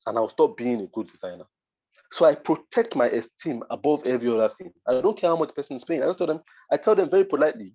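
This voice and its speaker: A man's voice: a little high, lively intonation, rapid-fire, darkish tone, highs cut off. A Nigerian man, a design mentor, giving a motivational masterclass talk, emphatic and repeating his points for force.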